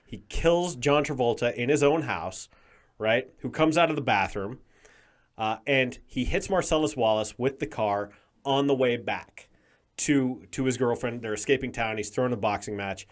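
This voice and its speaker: A man guesting on a podcast, telling stories in an animated, emphatic way during casual chat. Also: mid-range voice, normal speed.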